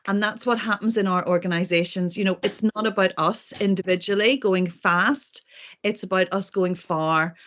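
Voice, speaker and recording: A woman's voice: mid-range voice, fairly bright tone. A woman hosting an online talk, chatty and self-deprecating, with many ums, speaking on a video call. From not from Manchester. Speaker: host and speaker. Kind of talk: presentation.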